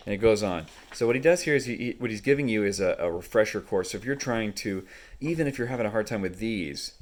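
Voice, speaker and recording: A man's voice: deep voice, a bit bright. A man casually reviewing a book as he leafs through its pages, explaining unhurriedly with frequent fillers.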